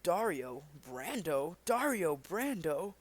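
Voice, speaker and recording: A man reading as an earnest young gentleman. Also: fairly high pitch, very animated, slow, dry recording, full character voice. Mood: curious.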